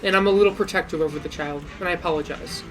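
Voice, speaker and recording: A woman's voice: on the low side, rapid-fire, music in the background, close to an everyday voice, low-quality recording. Brief: courteous young man, played by a woman, formal manners. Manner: formal, apologetic. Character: courteous young male hero, polite.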